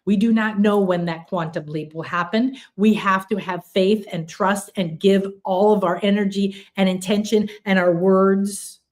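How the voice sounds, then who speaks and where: An older woman, a spiritual teacher, giving an earnest, affirming talk to a group, with lots of repetition and lively acted snippets of her own inner voice. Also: mid-range voice, measured pace, few pauses.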